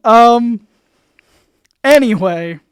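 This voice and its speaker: A man hosting a casual livestream Q&A, rambling and halting, full of fillers and restarts, with his volume bouncing up and down. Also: very high voice, lively intonation, clear, resonant tone, no room sound, clean studio sound. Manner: swings in loudness, bouncy. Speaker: YouTube channel host.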